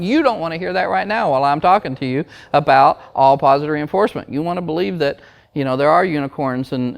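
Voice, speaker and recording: A man's voice: a little high, vocal fry. A man, a dog trainer, ranting to camera in a blunt, emphatic, preachy way. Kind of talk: opinion rant to camera.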